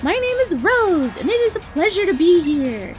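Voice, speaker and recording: A woman's voice: very high voice, sing-song, moderate pace, music in the background, voice pushed down. A woman reading a grand male game presenter's dialogue aloud, announcer-like. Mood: proclaiming.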